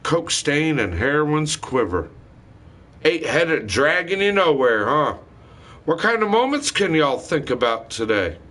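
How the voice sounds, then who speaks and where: A man's voice: fairly high pitch, a bit bright. Heated man ranting, swearing hard. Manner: heated, profane, accusatory ranting. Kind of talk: rambling angry monologue.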